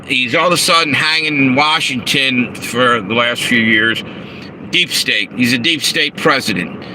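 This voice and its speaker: A man's voice: medium pitch, a little slow. Man, rambling livestream talk, swearing, phone held in a parked car, engine and air conditioner humming behind him. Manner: rambling, profane, chuckling asides. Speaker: live streamer. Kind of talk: casual livestream talk, reading chat. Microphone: handheld phone. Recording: noisy phone audio in a car. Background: car engine and air conditioner hum.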